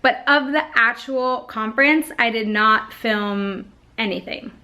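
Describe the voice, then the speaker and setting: A woman's voice: fairly high pitch, unhurried, bright, forceful tone. A young adult woman vlogger telling her trip story in a casual voice-over, chatty and full of fillers.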